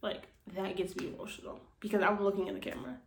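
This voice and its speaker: A woman's voice: medium pitch, flat delivery, quick pace, gravelly, roomy sound, slight background noise. A woman hosting a podcast, talking frankly and earnestly to camera, swearing freely and repeating phrases for emphasis. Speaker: podcast host. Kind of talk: casual motivational talk. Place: indoors, speaking to camera.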